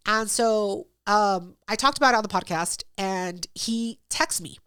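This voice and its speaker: A woman's voice: mid-range voice, unhurried, a bit bright, clean tone. A woman hosting a podcast, telling a story in casual, profane chat and acting out both sides of it. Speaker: podcast host.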